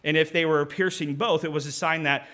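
A man's voice: a little high, steady tone, a little fast, fairly bright tone. A middle-aged man preaching a conversational sermon, reading scripture aloud and often restarting his sentences.

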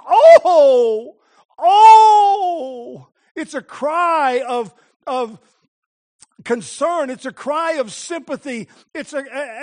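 High-voiced impassioned male preacher. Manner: impassioned preaching, swinging from hushed to crying out. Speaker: pastor. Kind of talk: sermon.

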